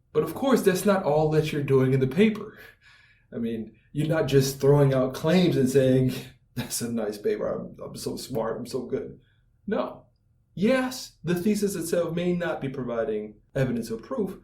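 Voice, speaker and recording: A man's voice: a little high, dark tone. A man giving an explanatory video lecture on writing, posing rhetorical questions and answering them, acting out everyday scenes. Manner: acts out everyday scenes in quoted voices. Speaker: writing instructor. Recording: echoey room, voice from a distance.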